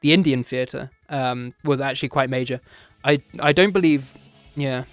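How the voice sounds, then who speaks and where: A man's voice: medium pitch, normal speed, clean tone, no room sound, faint music behind. A British man streaming a casual history lesson, rambling, digressing and correcting himself with small laughs. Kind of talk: casual off-the-cuff history lecture. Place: home streaming setup, VR chat session.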